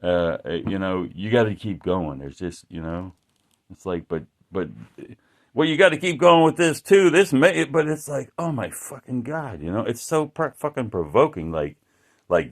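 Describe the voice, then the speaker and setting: A man's voice: low-pitched, lively intonation, a little slow, pauses often. A man talking casually about his art in a rambling, profane way, often stopping and restarting mid-sentence. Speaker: artist showing his work.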